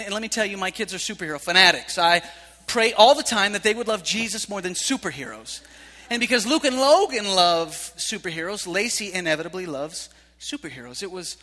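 A man in his thirties preaching a sermon, telling a family story with animated delivery and shouted punchlines. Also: sits high. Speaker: pastor. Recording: long hall reverb.

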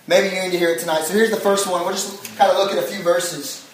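A young man giving a casual youth sermon, telling the story in an animated way and using lots of filler words. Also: high voice, quick pace, a little hiss or hum. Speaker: youth pastor. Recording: echoey hall, voice from a distance.

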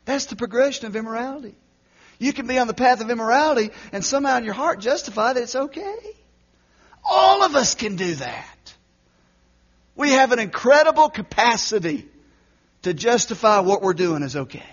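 A man preaching a sermon, reading scripture and moving from loud urgent calls to hushed, intense asides. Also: very high-pitched, expressive, normal speed, lo-fi sound. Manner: preaching with big swings from loud exhortation to quiet intensity. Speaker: pastor.

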